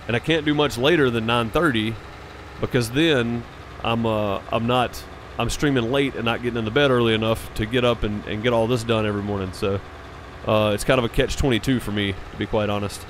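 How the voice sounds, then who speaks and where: A man chatting casually with his viewers during a live farming-game stream. His voice sits at a medium pitch and he talks in an unhurried, rambling way, dropping fillers as he goes. Faint background noise sits under the voice. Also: fairly even intonation. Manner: laid-back and rambling, with frequent "uh" and "man".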